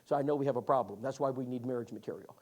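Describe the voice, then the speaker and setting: A man teaching a Bible class, telling stories in a folksy, animated way. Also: mid-range voice, rapid-fire. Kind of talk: lively classroom storytelling.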